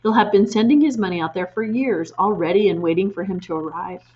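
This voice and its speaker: Lady doing a soft calm kind teacher, storybook, bit muffled. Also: mid-range voice, fairly quick, natural voice. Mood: gentle. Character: kind gentle young schoolteacher woman. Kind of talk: storybook read-aloud.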